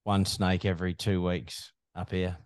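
A man co-hosting a podcast, chatting in a relaxed way and swearing casually. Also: deep voice, a little slow, no echo, studio quality. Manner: laid-back, swears casually. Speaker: podcast co-host. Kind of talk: casual chat.

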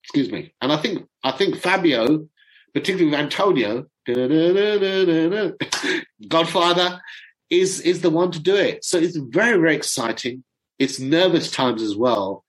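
Middle-aged guy rambling about football to his viewers, excitable, keeps tripping over names. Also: a little high, normal speed, poor audio. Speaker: football fan commentator. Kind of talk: casual chat to viewers.

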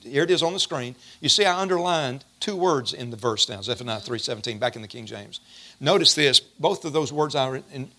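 A man preaching a sermon in a folksy, animated way, calling on his congregation to respond. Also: mid-range voice, fairly quick.

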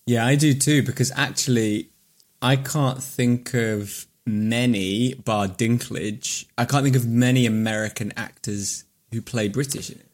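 A man's voice: mid-range voice, measured pace. A man from the United Kingdom co-hosting a podcast, joking and laughing often in casual chat. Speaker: podcast co-host.

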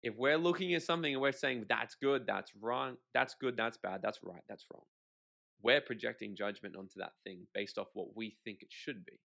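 A man, a podcast guest, telling stories in a lively conversational way, swearing casually and acting out quotes. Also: mid-range voice, normal speed, vocal fry. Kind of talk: animated conversational storytelling.

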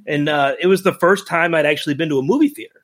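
Middle-aged male co-host, emotional and animated storyteller, voice a bit high. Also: fast talker. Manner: animated, emotional, acts out quotes. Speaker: podcast co-host. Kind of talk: casual storytelling chat.

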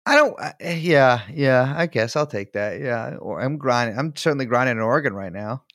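A man's voice: mid-range voice, expressive, normal speed, a bit bright, no room sound, studio quality. Jokey male podcast co-host. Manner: jokey, teasing, riffing with bits. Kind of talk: casual chat.

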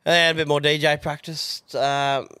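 Laid-back self-deprecating Australian bloke. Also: male voice, fairly high pitch, flat delivery, moderate pace, pushed and bright, smooth, no room sound. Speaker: podcast co-host. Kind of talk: casual chat.

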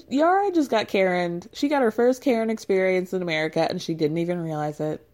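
A woman's voice: on the low side, darkish tone. A woman recapping a reality show in a casual, gossipy, chatty way, laughing often.

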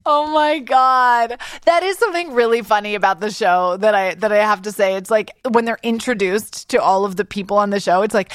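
A middle-aged woman hosting a podcast, animated and sarcastic in a comedic monologue. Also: medium pitch, normal speed, no echo, clean studio sound. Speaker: podcast host.

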